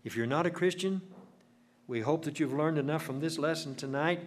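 An older man preaching a sermon, telling homely stories and slowing to stress key words. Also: a little high. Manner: folksy storytelling with slow emphatic phrasing.

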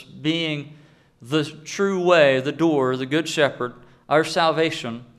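Emphatic male preacher, slightly high voice. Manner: emphatic, with deliberate slowed phrases. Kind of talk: sermon.

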